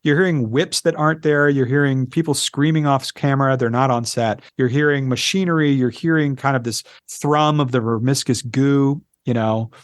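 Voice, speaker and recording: A man at a middle pitch speaks as an interview guest, close to the mic with no room sound. He tells his stories animatedly, fills them with "you know" and "like", and plays out other people's lines as he goes. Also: normal speed, few pauses, no echo. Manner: animated storyteller who acts out quoted lines; rambling, with many fillers and self-corrections. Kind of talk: casual interview chat.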